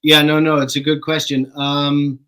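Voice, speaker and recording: A middle-aged man from Canada, a guest actor telling stories in a relaxed, chatty way, laughing and swearing casually. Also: a little high, moderate pace, clear, resonant tone, rough recording. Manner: relaxed anecdotal storytelling, laughs and swears freely. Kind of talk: casual interview chat.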